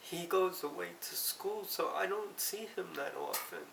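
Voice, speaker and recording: Gravelly, slow, tearful middle-aged woman. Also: on the low side, fairly bright tone. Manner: halting, tearful, self-correcting. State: emotional, close to tears. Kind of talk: emotional personal confession. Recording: roomy, distant mic, faint hiss.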